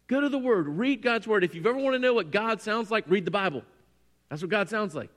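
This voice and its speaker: A male pastor preaching a sermon in an animated, self-deprecating way, often acting out stories. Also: high voice, fairly quick, long reverb tail.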